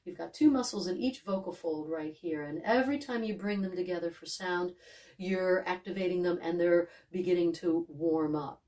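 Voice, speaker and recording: Calm woman leading a vocal warm-up. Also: lowish voice, normal speed, far from the mic. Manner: calm, gentle, demonstrates sighs, yawns and hums. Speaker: voice coach. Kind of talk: guided vocal warm-up instruction.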